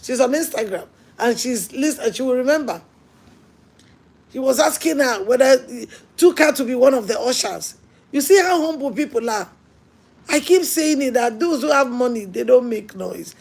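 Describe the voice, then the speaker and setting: A woman pastor preaching a sermon, telling stories earnestly and swinging between hushed lines and emphatic ones. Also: high-pitched, lively intonation, measured pace, creaky, breathy edge.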